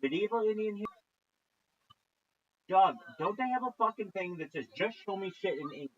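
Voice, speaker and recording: A man's voice: high-pitched, expressive, a little fast, highs cut off. Ranting, foul-mouthed male streamer. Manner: swearing constantly, mocking, loud outbursts. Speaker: streamer reacting to videos. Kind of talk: profane reaction rant.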